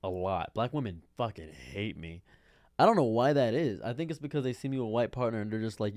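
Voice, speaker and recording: This man from Detroit, in his thirties, streams an improvised, casual commentary, rambling and circling back over the same points with baffled exasperation. He speaks fast and expressively in a lowish, slightly mellow voice. The audio is studio quality with no room sound.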